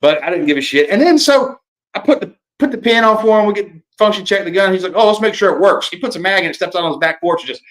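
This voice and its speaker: A man's voice: high voice, animated, quick pace, a bit bright. A man hosting a casual live-stream chat, telling folksy stories and swearing freely. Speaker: podcast host and author.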